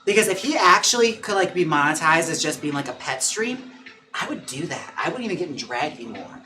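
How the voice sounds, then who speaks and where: Very animated and brisk, a male livestream host chats playfully from home, laughing often and cooing at his dog in a higher voice to coax it. The background is noisy.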